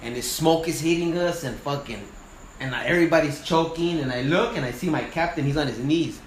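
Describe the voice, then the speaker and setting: A man with a slightly raised voice tells a firefighting story in casual conversation. His telling is animated and full of swearing, and he acts out the voices of the people in it. The room sounds echoey, with faint background noise. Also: fairly high pitch, brisk. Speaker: wildland firefighter and sawyer.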